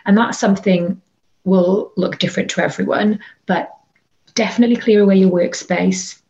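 A woman, a wellbeing and burnout coach, giving chatty, animated advice in an interview from her bedroom, with lots of fillers. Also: medium pitch, normal speed, vocal fry. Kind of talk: interview conversation. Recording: slightly dull lo-fi audio.

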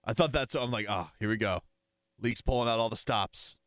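A man's voice: medium pitch, brisk, a bit bright, dry recording, studio quality. A man hosting a sports podcast, chatting and joking about the game. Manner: playful, joking. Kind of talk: casual sports chat.

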